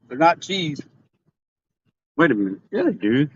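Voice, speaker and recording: A man chats with his live-stream audience from a fishing boat, cracking jokes and teasing them. His voice sits a bit high. The recording is muffled and lo-fi. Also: huge pitch swings, a little slow, slight background noise. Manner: joking, teasing banter. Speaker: fishing vlogger reading live chat. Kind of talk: casual live-stream chat. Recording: dull lo-fi sound.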